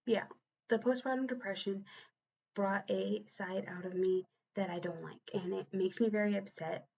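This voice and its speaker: Earnest young woman, halting confessional vlog. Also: mid-range voice, darkish tone. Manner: halting, earnest, with frequent restarts. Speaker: vlogger and new mother. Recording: slightly dull lo-fi recording.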